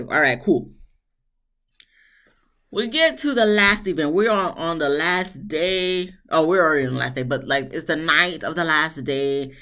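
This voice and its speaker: A woman casually recapping a TV episode, chatty and animated, with sarcastic asides. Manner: chatty, animated, mock-quotes people with big pitch swings. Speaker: TV show reviewer.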